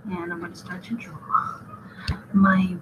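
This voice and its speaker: A woman's voice: on the low side, flat delivery, slow pace, a bit bright. A woman chatting casually as she draws on a live stream, rambling and often laughing at herself. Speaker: artist streaming a drawing session. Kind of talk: casual chat while drawing. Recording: lo-fi with clear background noise.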